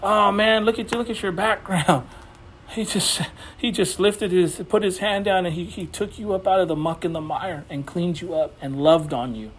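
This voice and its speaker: A man with a notably high voice preaches to his church. He speaks in a loose, folksy way, scattering "you know" through his sentences as he goes from chatty remarks to reading scripture. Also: slightly rough. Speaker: pastor. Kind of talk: conversational sermon. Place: church building.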